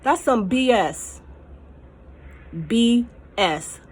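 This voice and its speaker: Speaking very slowly in a fairly high, breathy voice with lively intonation, a mukbang vlogger addresses her viewers directly in an angry personal vlog rant. She's furious and emphatic, driving her points home by repeating them, and she sounds on the verge of tears the whole way through.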